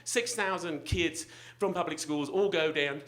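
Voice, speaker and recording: A man's voice: a little high, measured pace, fairly bright tone. A middle-aged man telling a comic personal story live at a story slam, self-mocking and laughing through his lines, on a stage microphone in a restaurant event space.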